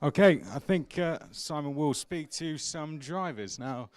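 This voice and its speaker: High, crisp-voiced upbeat paddock interviewer man. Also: unhurried, dry recording. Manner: upbeat, rallying, many fillers and restarts. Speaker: trackside interviewer. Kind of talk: casual chat. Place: outdoors at a kart track paddock.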